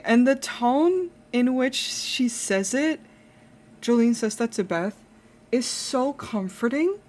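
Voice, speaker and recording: A woman's voice: sits high, takes it slowly. A young woman chatting casually while drawing on a live stream, rambling with lots of fillers and restarts and laughing often.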